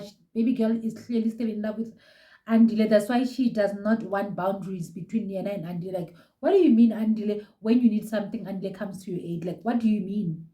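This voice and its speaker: A woman's voice: mid-range voice, mellow, far from the mic. A young South African woman chatting in a gushing, casual way, reviewing a reality show from home. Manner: gushing, chatty, code-switching. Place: room at home. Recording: roomy echo, set back from mic.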